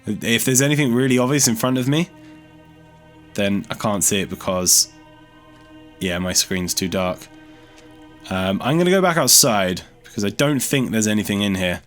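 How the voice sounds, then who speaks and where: A man's voice: fairly low pitch, lively intonation, normal speed, long pauses, fairly bright tone, faint music behind. A man giving casual gameplay commentary as a let's play host, chatty and thinking aloud as he explores, easily startled.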